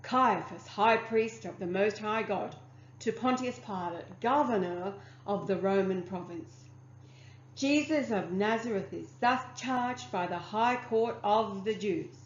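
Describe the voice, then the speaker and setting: A woman's voice: mid-range voice, unhurried, slight background noise. A woman reading aloud from a religious text and stopping to comment on it, formal as she reads and chatty in her asides. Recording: muffled, echoey room.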